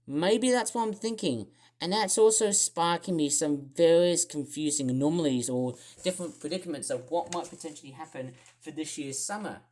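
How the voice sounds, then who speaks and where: A woman's voice: sits low, darkish tone. A woman with an Australian accent, rambling through casual weather commentary on her own channel with lots of fillers and asides. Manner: rambling, thinking aloud with many fillers. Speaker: weather vlogger.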